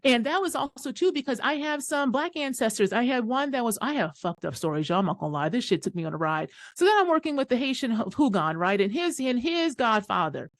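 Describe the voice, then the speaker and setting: Animated, profane woman podcast host. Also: fairly high pitch, a little fast, hardly any pauses, no echo, clean studio sound. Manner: animated, profane, emphatic storyteller. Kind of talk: casual conversational storytelling.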